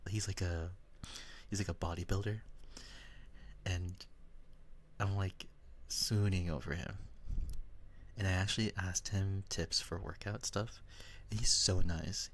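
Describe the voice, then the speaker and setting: A young man from the Philippines chatting with his chat in a soft, whispered role-play style, giggling often. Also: sits low, steady tone, measured pace, pauses often, slight background noise. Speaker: streamer.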